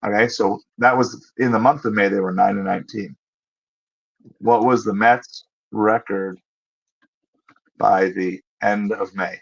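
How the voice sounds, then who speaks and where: A man's voice: fairly low pitch, steady tone, gravelly, slightly rough, muffled recording. A man hosting a casual livestream, answering viewers' questions in a conversational way and thinking aloud as he looks things up. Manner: conversational, thinks aloud, pauses with fillers while looking things up. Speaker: livestream host.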